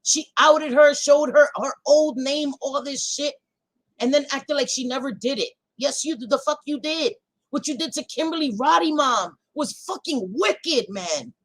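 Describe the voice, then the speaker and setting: A woman hosting a livestream rants to her chat, heated and profane yet casual, swinging between loud outbursts and quieter stretches. Her voice is high and unhurried, and the audio quality is poor.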